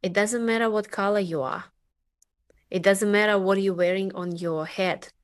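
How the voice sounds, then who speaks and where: A woman with a Russian accent hosting a podcast interview, speaking haltingly with many fillers. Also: mid-range voice, fairly even intonation. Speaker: podcast host. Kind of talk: casual interview chat.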